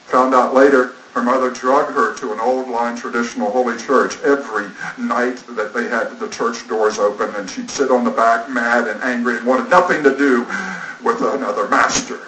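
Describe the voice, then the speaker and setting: Man preaching, earnest storyteller, bright voice, roomy echo, distant mic, faint noise. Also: medium pitch, normal speed. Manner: rambling, earnest, acts out dialogue. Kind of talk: sermon storytelling.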